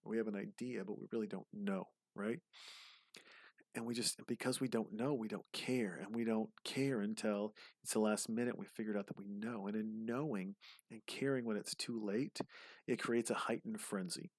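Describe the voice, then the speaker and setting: A man's voice: fairly low pitch, fairly even intonation, moderate pace, no room sound. A man giving rambling, profane, casual commentary while watching a movie, often drifting into tangents.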